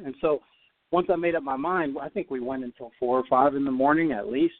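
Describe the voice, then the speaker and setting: A man, a former tennis player, telling a story as a podcast guest, animated and often repeating words as he goes. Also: mid-range voice, fairly quick. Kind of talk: storytelling in an interview. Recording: dry, phone-like line.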